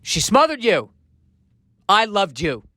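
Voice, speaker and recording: A man's voice: high-pitched, sing-song, slow pace, sharp tone, no echo, clean studio sound, pitched above the performer's own voice, exaggerated voice. A man playing a jealous, clingy romantic-comedy heroine who guilt-trips her partner. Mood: hurt, jealous. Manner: hurt, clingy, guilt-tripping. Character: jilted romantic-comedy woman, adult, jealous.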